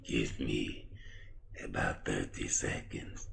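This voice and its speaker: A man voicing a shady older trainer who talks low and hushed. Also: steady tone, slow pace, vocal fry, full character voice. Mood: sinister.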